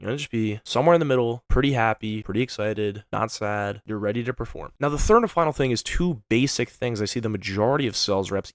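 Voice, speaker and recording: A man coaching on sales in an energetic, conversational way, often tagging his points with "right?". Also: fairly low pitch, no room sound, studio quality.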